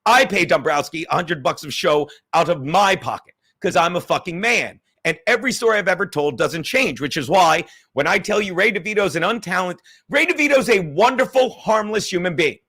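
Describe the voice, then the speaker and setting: A man's voice: sits high, animated, brisk, few pauses, sharp tone, slightly rough. A middle-aged man hosting a livestream, ranting profanely and reading out viewer chats. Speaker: livestream host.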